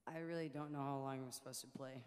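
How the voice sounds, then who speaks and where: A woman's voice: very deep voice, steady tone, fast, a little mellow, clear, resonant tone. A woman in her late twenties chatting casually from the stage of a small music venue, telling a rambling story with plenty of laughs. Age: late 20s. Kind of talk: casual stage banter at a live show.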